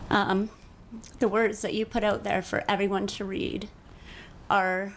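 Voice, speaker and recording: A woman city councillor giving an earnest speech at a council meeting, halting often with fillers. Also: medium pitch, flat delivery, slight background noise.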